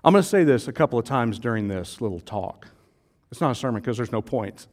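A man's voice: mid-range voice, expressive, a little fast. A male pastor, preaching in a casual, joking way and acting out voices from the crowd. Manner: playful, jokey, acts out voices of the crowd.

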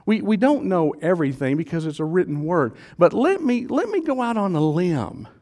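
Playful joking pastor. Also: male voice, sits high, very animated, normal speed, a little mellow. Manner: playful, jokey, acts out voices of the crowd. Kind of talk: casual conversational preaching.

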